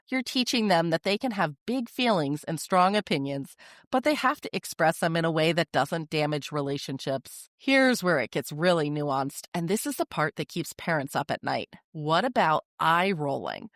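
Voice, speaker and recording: A woman hosting a parenting podcast, giving advice in a calm, firm, direct manner with short, deliberate sentences. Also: low voice, dry recording, studio quality. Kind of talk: scripted advice monologue.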